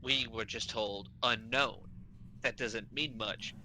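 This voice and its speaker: A man's voice: medium pitch, fairly even intonation, slow pace, pushed and bright, a little hiss or hum, low-quality recording. A man playing a tabletop game online, thinking aloud and often restarting his sentences. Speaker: player. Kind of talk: casual tabletop game chat.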